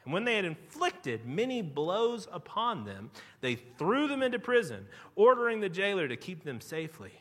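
A man preaching a sermon as pastor, telling the story with animated swings and hushed drops for emphasis. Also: sits high, normal speed, hardly any pauses. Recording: long hall reverb.

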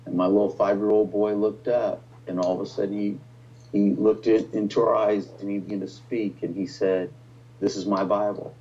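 Low, mellow-voiced man telling a story. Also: flat delivery, moderate pace, dull audio. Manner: emotional storytelling with many restarts. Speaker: pastor, guest. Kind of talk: personal testimony in conversation.

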